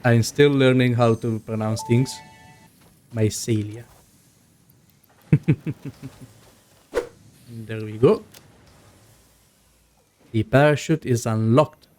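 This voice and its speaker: A man's voice: medium pitch, steady tone, slow pace, long pauses, darkish tone, soft background music. A young man, not a native English speaker, giving casual gameplay commentary and thinking aloud with many fillers. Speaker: gaming video host.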